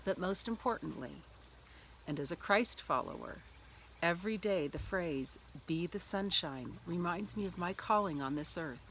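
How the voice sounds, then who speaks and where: A middle-aged woman with a lowish voice and moderate pace gives a church devotional built on a personal story, with slight background noise. She's a lively storyteller who acts out the lines she quotes.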